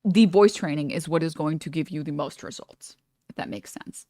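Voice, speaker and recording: A woman's voice: sits low, moderate pace, dark tone, no room sound, clean studio sound. A woman streamer chatting casually while reacting to a video, rambling with many fillers and restarts. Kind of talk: casual live-stream chat.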